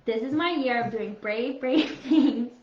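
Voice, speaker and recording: A woman in her thirties co-hosting a podcast, chatting in an animated, self-mocking way. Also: a little high, measured pace. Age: 30s. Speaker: podcast co-host. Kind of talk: casual chat. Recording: echoey room, dull lo-fi sound.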